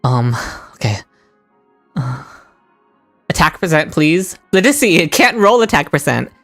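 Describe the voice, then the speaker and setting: Excitable low-voiced woman streamer. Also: a little slow, soft background music. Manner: excitable, shrieks and laughs at lucky rolls; chats with viewers in chat. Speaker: gaming streamer. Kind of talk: live-stream gaming commentary. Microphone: desk microphone.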